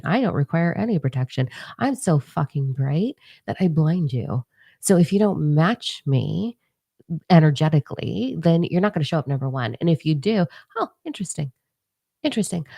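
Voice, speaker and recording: A young woman with a low, gravelly voice chats through a spiritual card-reading livestream. She is blunt and profane, talks straight to her viewers, and stays animated. The sound is close and dry, with a mellow, dark tone. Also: dry recording. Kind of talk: casual livestream chat, tarot-style reading.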